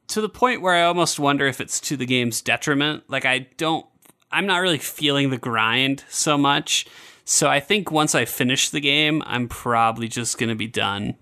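A man hosting a podcast, chatting casually and loosely with lots of fillers and restarts. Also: mid-range voice. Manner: relaxed, filler-heavy, self-correcting. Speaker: podcast host. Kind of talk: casual game review chat.

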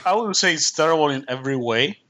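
A man with a lively, bright voice that swings up and down talks casually about games. He often stumbles and restarts his sentences. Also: a little high, fast. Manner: stammering restarts, easygoing. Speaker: podcast co-host. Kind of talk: casual chat.

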